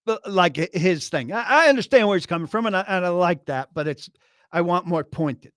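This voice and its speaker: A man co-hosting a sports talk radio show, opinionated and quick to push back. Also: high-pitched, animated, a bit bright, dry recording, clean studio sound.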